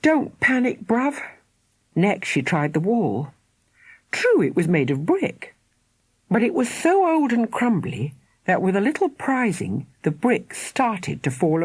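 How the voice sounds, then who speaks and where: A woman narrating a children's audiobook in an expressive storytelling way, with dramatic pauses. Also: sits low, slightly rough, dry recording. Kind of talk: scripted narration.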